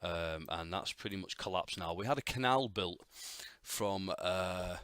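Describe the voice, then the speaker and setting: A man's voice: low voice, measured pace, a bit bright, smooth, no room sound, studio quality. A middle-aged man with a Northern English accent, hosting a solo podcast in a rambling, opinionated way, full of fillers and restarts. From North of England. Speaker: podcast host. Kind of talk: casual solo podcast monologue. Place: quiet home room.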